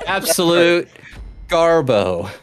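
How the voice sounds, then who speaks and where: A man hosting a casual gaming session with friends, bantering excitedly. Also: a little high, slow pace, very noisy. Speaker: let's play host.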